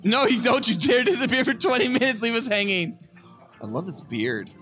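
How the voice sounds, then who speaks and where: A man co-hosting a podcast in casual chat, loose and quick to laugh and swear. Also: very high-pitched, expressive, bright, forceful tone, soft background music. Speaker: podcast co-host.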